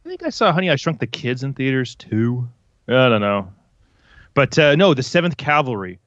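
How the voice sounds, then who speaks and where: A playful man from Canada in his thirties who trades easy banter with his co-host. His voice sits at a middle pitch, and the audio is a bit muffled and dry, with no room sound. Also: sing-song, moderate pace, a bit bright, dry recording. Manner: playful, laughs at himself. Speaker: podcast co-host. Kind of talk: casual chat. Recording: dull, dry podcast audio.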